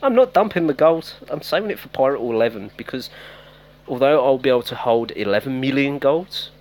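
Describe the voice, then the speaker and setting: A man's voice: medium pitch, lively intonation, fairly quick, a little mellow. Chatty man streaming a game. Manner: chatty, talks to viewers by name, self-teasing. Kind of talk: casual live-stream commentary.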